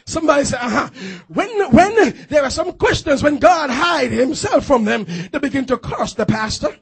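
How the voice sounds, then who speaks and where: A man's voice: extremely high pitch, expressive, moderate pace, gravelly. A man pastor preaching a fervent call-and-response sermon in a church, urging the congregation to repeat phrases after him.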